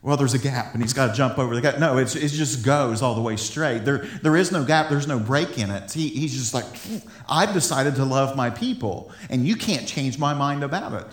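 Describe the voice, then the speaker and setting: A man's voice: fairly high pitch, reverberant. A man giving an informal Bible teaching, enthusiastic and laughing often, stumbling over repeated words as he talks.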